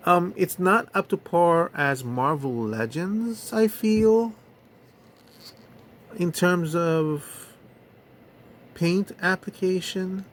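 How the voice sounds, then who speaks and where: This toy reviewer has a high-pitched, expressive, fairly bright voice as he casually goes over action figures. He speaks slowly and hesitantly with plenty of fillers, and a bit of hiss or hum is audible.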